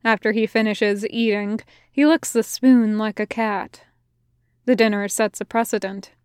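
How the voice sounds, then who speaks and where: A woman narrating a piece of fan fiction aloud in an even storytelling manner. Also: medium pitch, measured pace, smooth, no room sound, studio quality. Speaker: podfic reader.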